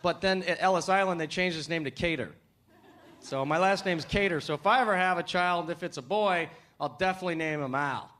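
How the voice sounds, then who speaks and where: A man from the United States performing a stand-up comedy set, with punchy delivery that climbs to shouts on punchlines, recorded live on a handheld mic. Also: high voice, fairly quick, a little hiss or hum. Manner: punchy, acts out voices and rises to shouting on punchlines. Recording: live club, loud crowd and laughter.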